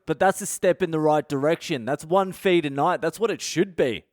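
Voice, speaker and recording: A man's voice: on the high side, normal speed, few pauses, dry recording, clean studio sound. A middle-aged man, hosting a podcast and telling a comedic story in a rambling, candid way with heavy swearing. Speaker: podcast host.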